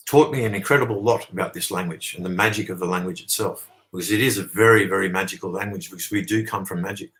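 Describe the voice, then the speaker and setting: A man's voice: lowish voice, fairly bright tone, poor audio. A man with an Australian accent, giving a long explanatory monologue as an interview guest, talking emphatically and often checking in with "okay?".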